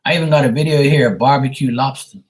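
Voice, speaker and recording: A man's voice: medium pitch, fast. A man who reads tarot on a live stream, ranting bluntly and profanely to his viewers. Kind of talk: casual rant to viewers.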